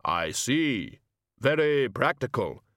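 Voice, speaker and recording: A man voicing Death standing in as a gift-giver, speaking slowly and solemnly. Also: medium pitch, big pitch swings, a bit bright. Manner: slow, measured, solemn. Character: Death as a grave, slow male gift-giver.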